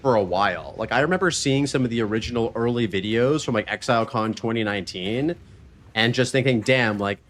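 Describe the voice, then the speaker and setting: A man's voice: medium pitch, a little fast, a bit bright, slight background noise. Chatty man streaming a game. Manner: loose, chatty, swears freely, thinks aloud between game actions. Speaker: streamer and podcast host. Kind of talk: casual live-stream chat while gaming.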